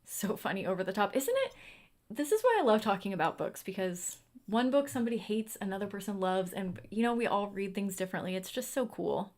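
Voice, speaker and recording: A woman's voice: mid-range voice, lively intonation, fairly quick, darkish tone. A young woman hosting a livestream in a casual, chatty way, answering viewer comments as she goes. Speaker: livestream host. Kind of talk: casual chat.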